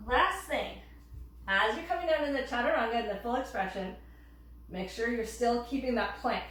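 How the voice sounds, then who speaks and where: A woman instructor calmly cueing breaths and yoga poses while demonstrating, a little out of breath. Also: fairly high pitch, moderate pace. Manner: calm cueing of breath and poses, occasional laughs. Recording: very echoey room, distant mic.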